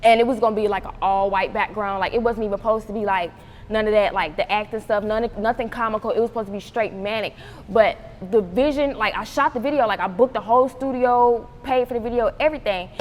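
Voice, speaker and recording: A young woman from North Carolina, telling stories as an interview guest in an animated, profane way, laughing often and acting out voices. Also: medium pitch, fast talker, big-room sound, slight background noise. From North Carolina, USA. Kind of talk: casual storytelling interview.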